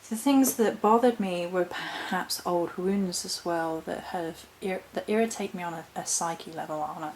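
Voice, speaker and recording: A woman's voice: on the low side, moderate pace, hardly any pauses, a little mellow, slight background noise, low-quality recording. A woman vlogger talking in a thoughtful, meandering way about her spiritual practice, breaking off now and then to correct herself. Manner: thoughtful, meandering, with self-interruptions and laughs. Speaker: witch vlogger. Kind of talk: reflective spiritual vlog.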